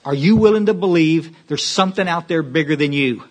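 A man with a slightly high voice talks fairly quickly from a podium at a recovery meeting. He is emphatic and preachy, repeating words as he restarts his sentences and checking that the room is following him.

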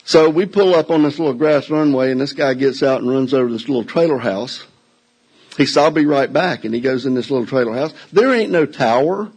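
An older man with a drawl spins a story for a live audience indoors. His voice is husky and a little worn. He tells it in a folksy, self-mocking way. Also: mid-range voice, fairly quick, darkish tone, low-quality recording.

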